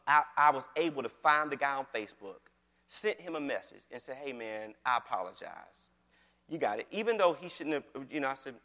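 A male pastor with a high, bright voice preaches to his congregation in an easy conversational way, speaking. He keeps checking in with his listeners, and his words ring out through a reverberant church hall. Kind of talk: conversational sermon.

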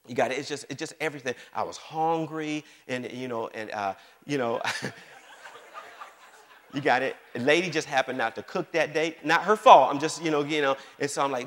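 A pastor preaching a sermon to his congregation, lively and repetitive, often asking the room whether they follow him. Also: fairly high pitch, a little fast. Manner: animated preaching with call-and-response questions and repeated phrases. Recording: long hall reverb.

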